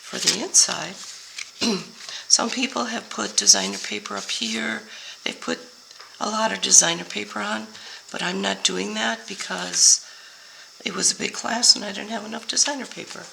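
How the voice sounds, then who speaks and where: An older woman with a hoarse voice, slowly explaining each step of a papercraft card tutorial while she works. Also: medium pitch, sharp tone, slight background noise, rough recording. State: hoarse, voice going out. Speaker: papercraft demonstrator.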